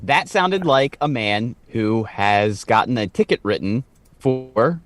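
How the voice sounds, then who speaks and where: A man's voice: medium pitch, expressive, slow pace, fairly bright tone, no echo. A man co-hosting a podcast, rambling in a crude, joking way in casual chat. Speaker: podcast co-host.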